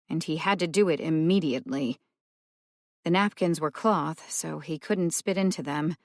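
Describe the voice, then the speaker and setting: A woman narrating an audiobook in a measured, even way. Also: low voice, creaky, no echo, clean studio sound. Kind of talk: scripted narration.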